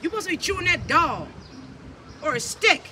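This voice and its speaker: A woman filming and commenting casually on her dogs, scolding them playfully, laughing, and loudly calling for her things back, recorded outdoors on a phone. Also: very high voice, big pitch swings, brisk, slight background noise. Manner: loud pleading calls.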